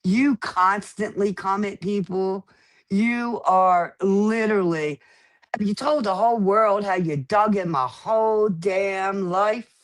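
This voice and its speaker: A woman speaking indignantly on a livestream, accusing someone and repeating her points emphatically. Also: mid-range voice. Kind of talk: heated argument on a livestream.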